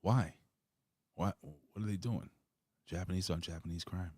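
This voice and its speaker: A man's voice: sits low, measured pace, darkish tone, slightly rough, no room sound, clean studio sound. A man hosting a casual live wrestling review, recapping in a loose, rambling way full of swearing. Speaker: host of a wrestling review show. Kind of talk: casual live-stream chat.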